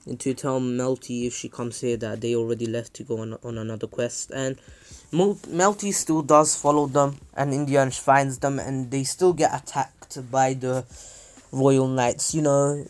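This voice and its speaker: A man's voice: medium pitch, fairly even intonation, a little slow, darkish tone, clear, resonant tone. A man casually retelling a fan-made story, rambling with many fillers and self-corrections.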